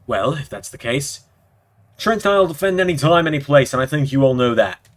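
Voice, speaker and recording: A man with a sore throat voicing a cheeky young male wrestler who answers with sarcastic, quick jabs. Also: mid-range voice, animated, natural voice.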